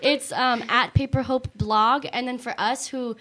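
A woman's voice: fairly high pitch, fairly even intonation, a little slow, fairly bright tone. A teenage girl hosting a talk show, rambling casually and giggling between plugs. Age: teens. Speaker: host. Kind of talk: casual chat.

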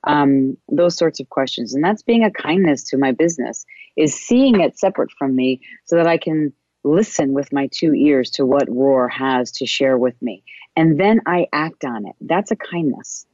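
A wellness coach talks through spiritual self-help ideas in a loose, casual way. The delivery meanders, with frequent pauses and fillers, at a mid pitch. The recording sounds dull and muffled, with a dry, close feel. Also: lively intonation, a little mellow, no echo.

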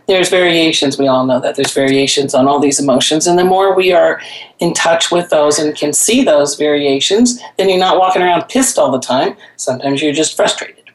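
A woman's voice: deep voice, normal speed, reverberant, rough recording. A woman hosting a casual talk show, chatting conversationally and giving parenting advice. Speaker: host. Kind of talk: casual chat.

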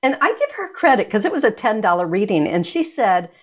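Interviewed conversationally about her work in energy medicine, this woman speaks fairly quickly in a mid-range voice with big pitch swings. She sounds reflective and searching, frequently starting her sentences over.

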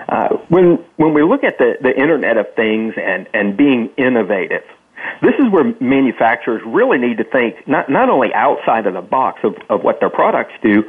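A man's voice: medium pitch, breathy edge. A man speaking as a guest on a panel discussion, stumbling over words as he explains. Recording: tinny phone line.

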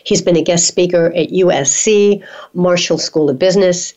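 A woman hosting a radio interview, introducing her guest and responding with lively enthusiasm. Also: on the low side, moderate pace. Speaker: radio show host. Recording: dull lo-fi sound.

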